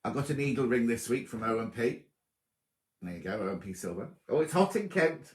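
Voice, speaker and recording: A man's voice: medium pitch, lively intonation, fairly quick. A man hosting a sewing livestream, chatting casually and teasing as he greets viewers by name. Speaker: sewing show host. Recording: roomy echo.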